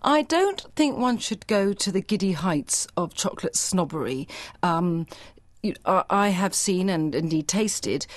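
Woman guest, low-pitched, measured and eloquent, dry sound. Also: lively intonation, dry recording. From Britain. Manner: articulate, measured, elaborating with asides. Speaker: food writer guest. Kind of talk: interview conversation.

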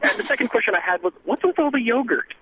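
A man calling in to a radio show, asking his questions in a lively, slightly irreverent way over the phone. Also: very high-pitched, fast. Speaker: caller. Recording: muffled phone line with faint noise.

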